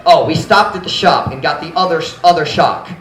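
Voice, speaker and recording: A man preaching a sermon as pastor, telling a story in an animated, frank, conversational way. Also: a little high, brisk, faint music behind. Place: church sanctuary. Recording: roomy church echo.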